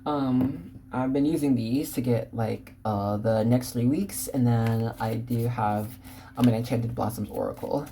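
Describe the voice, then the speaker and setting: A woman's voice: a bass voice, measured pace, mellow, slight background noise. A woman doing a casual tarot reading for viewers, bubbly and rambling with frequent giggles. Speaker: tarot card reader.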